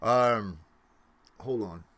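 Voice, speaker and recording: Rambling man hosting a home livestream. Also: very slow. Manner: rambling, many fillers, animated swings in pitch and volume. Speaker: livestream host. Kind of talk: casual livestream chat.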